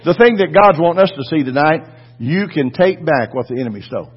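Male pastor, fiery sermon, lively husky voice, muffled lo-fi recording. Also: fairly high pitch, brisk. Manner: fervent, swings from quiet to shouting.

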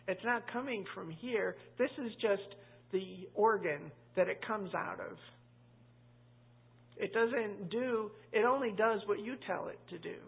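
A woman teaches the Bible to a church group in a conversational, emphatic voice. Her tone is gravelly and a little husky. The audio is tinny and lo-fi, like a phone line. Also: medium pitch. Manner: conversational, emphatic, quotes scripture. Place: church room with a live group.

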